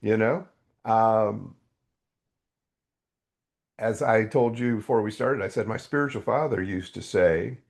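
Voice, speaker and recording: With long pauses, a gravelly lowish voice and a measured pace, a middle-aged man tells his faith story as a guest in a podcast interview. He is raw and candid, reenacting his own past outbursts.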